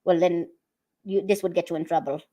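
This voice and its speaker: An American woman comedian chatting casually on a livestream, reading viewer comments aloud. She is excitable, laughs often, swears freely, and drops sentences halfway to start them again. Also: lowish voice, brisk. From United States. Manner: trails off and restarts sentences mid-thought. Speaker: stand-up comedian.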